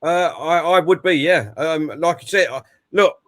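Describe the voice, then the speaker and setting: A man's voice: on the high side, normal speed, fairly bright tone. A man hosting a casual football chat, talking in a friendly way with many hesitations and fillers. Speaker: host.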